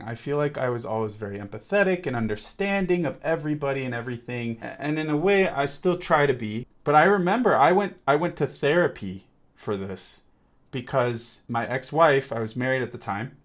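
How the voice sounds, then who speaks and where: A man commentating a reaction video, emotional and reflective about his own past. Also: medium pitch. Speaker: YouTube reactor.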